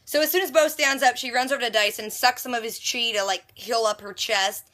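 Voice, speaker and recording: A woman vlogger recapping a TV episode in a chatty, animated way, exclaiming in disbelief at the twists. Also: a little high, a little fast. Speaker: TV reaction vlogger.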